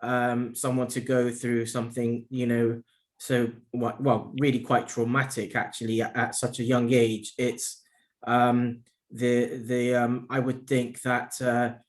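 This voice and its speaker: A man's voice: mid-range voice, monotone, unhurried. A man interviewing a guest, hesitant with many ums and restarts. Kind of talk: casual interview conversation.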